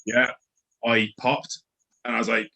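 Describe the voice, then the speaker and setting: Bright-voiced eager interview host. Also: male voice, medium pitch, level tone, a little slow, creaky, a little hiss or hum. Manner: enthusiastic fan, hesitant with fillers. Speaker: podcast host. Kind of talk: casual interview chat.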